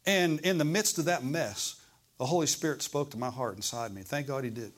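A man preaching a sermon in a church service, asking the congregation questions and swinging between loud and hushed delivery. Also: mid-range voice, fairly quick. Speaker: pastor.

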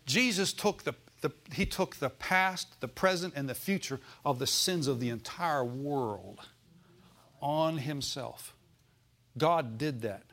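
A man's voice: medium pitch, takes it slowly, fairly bright tone. A male pastor preaching a sermon in a folksy way, asking the congregation for amens and call-and-response.

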